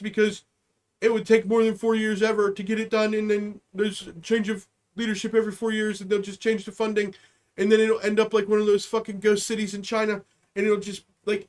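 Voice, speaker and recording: A man hosting a comedy podcast, ranting in a profane, rambling monologue and slipping into mocking voices. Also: sits high. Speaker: podcast host. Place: home streaming setup.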